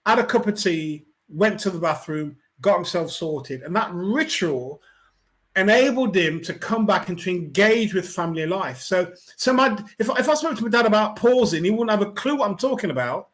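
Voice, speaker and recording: A middle-aged man from England hosting a weekly online talk, speaking in a reflective, unhurried, conversational way with many fillers and restarts. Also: sits high, animated, fairly bright tone. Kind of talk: reflective pastoral talk to camera.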